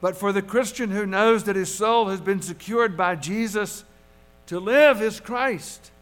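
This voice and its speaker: High-voiced pastor preaching slowly. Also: male voice, fairly bright tone. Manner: earnest, measured preaching with emphatic repetitions. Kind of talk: sermon.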